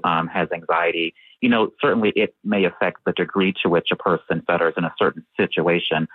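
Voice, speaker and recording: A man who stutters, answering interview questions in a measured way with fillers and occasional repeated sounds. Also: low-pitched, no room sound. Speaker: researcher and guest who stutters. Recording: tinny phone-like line.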